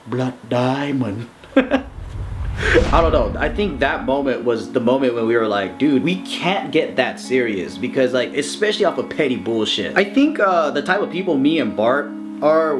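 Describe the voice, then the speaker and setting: A young man telling a story in a casual, profane way, full of fillers. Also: medium pitch. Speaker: vlogger. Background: guitar music.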